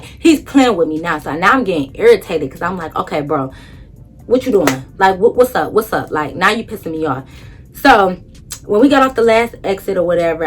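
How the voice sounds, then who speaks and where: A woman's voice: fairly low pitch, fairly bright tone. A young woman in AAVE telling a dramatic storytime to her viewers, acting out her own thoughts. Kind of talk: casual storytime.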